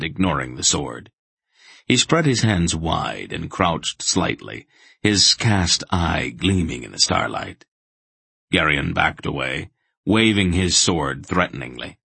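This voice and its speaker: A male audiobook narrator reading fantasy in a measured, deliberate way. His voice is very low and gravelly, with a husky grain. The sound is close and dry. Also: bright, forceful tone, no room sound.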